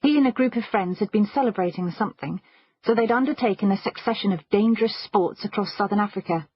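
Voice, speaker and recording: Husky-voiced woman narrating an audiobook. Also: mid-range voice, no room sound, dull audio. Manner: measured storytelling. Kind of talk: first-person audiobook narration.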